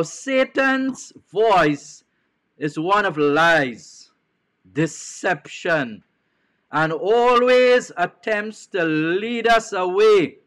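A man's voice: sits high, fairly bright tone. A man with a Trinidadian accent preaching a televised sermon as a bishop, repeating key phrases and putting questions to his listeners.

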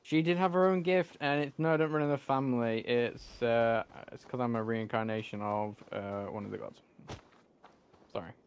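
A man's voice: medium pitch, fairly even intonation, moderate pace, clean tone. A man commentating casually over his game, thinking aloud, rambling, and swearing freely. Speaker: gamer.

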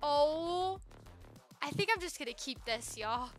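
A young woman live-streaming a game, gushing excitedly and chatting with viewers. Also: high-pitched, a little slow, over music. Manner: excitable, gushing, talks to chat.

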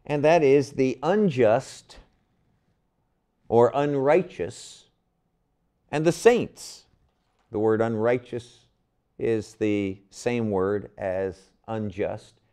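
An older man gives a Bible lesson at an unhurried pace, his voice rising and falling in a lively way. He puts questions to his class and leans hard on the words he wants them to catch. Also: mid-range voice. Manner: animated, asks the class questions, stretches key words. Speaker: Bible teacher.

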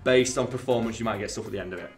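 A man's voice: fairly low pitch, rapid-fire, faint music behind. A man hosting a casual let's-play, joking and swearing with a guest while commenting on the game. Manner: jokey, animated, swears freely. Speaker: gaming channel host.

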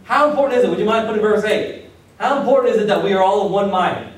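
A man's voice: high voice, fast talker. A man preaching a sermon as pastor, talking conversationally with acted-out asides and questions to the congregation. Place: church hall. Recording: echoey hall, distant mic.

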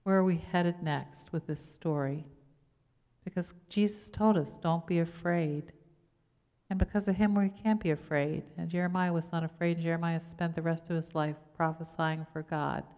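A woman's voice: on the low side, steady tone, moderate pace, mellow. A woman pastor, preaching a conversational sermon full of rhetorical questions. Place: church sanctuary. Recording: long church reverb.

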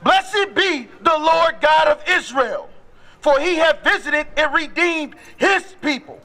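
A man loudly reading scripture verses aloud, slow and declaiming, on an outdoor city street. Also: very high voice, expressive. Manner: proclaims verses slowly at full voice. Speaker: scripture reader.

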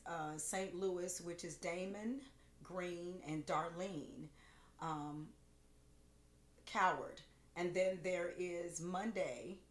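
A woman hosting a cooking livestream, chatting casually, with gushing, rambling thanks full of fillers, emotional and close to tears. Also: fairly low pitch. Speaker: cooking show host. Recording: roomy echo with faint music.

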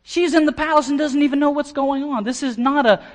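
An American man preaching an expository sermon as pastor, animated and often repeating words as he starts a phrase. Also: very high-pitched, fairly quick. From United States.

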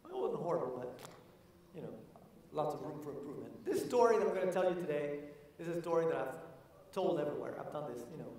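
A man giving an energetic motivational conference talk, speaking straight to the audience as he tells a story. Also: fairly high pitch, fast, recorded from a distance, slight background noise. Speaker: keynote speaker. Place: large conference hall. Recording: echoey hall, voice from afar.

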